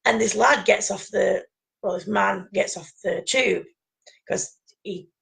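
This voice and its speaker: A woman's voice: medium pitch, measured pace, vocal fry, fairly bright tone, low-quality recording. A woman telling rambling anecdotes in casual chat, laughing often.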